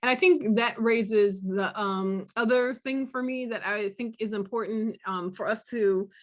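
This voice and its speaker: Over a video call, a woman scholar speaks thoughtfully on a panel discussion in a slightly high voice, often pausing with fillers and restarting her sentences.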